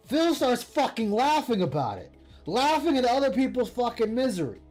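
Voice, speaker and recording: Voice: sits high, a little mellow. A commentary streamer delivering an angry, profane reaction rant, berating and scornful.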